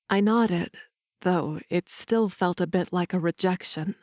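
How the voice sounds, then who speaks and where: A woman narrating a novel in the first person with calm, even storytelling. Her voice sits low and mellow. The recording is dry and close, a studio audiobook sound. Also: a little slow, dry recording.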